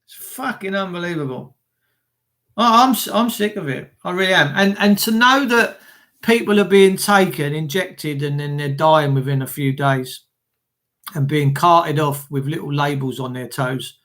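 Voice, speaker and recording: A man's voice: on the high side, fairly bright tone. Angry, stammering Englishman ranting. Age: adult with children. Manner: angry, profane, stammering rant. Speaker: livestreamer reading chat. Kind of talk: ranting live stream.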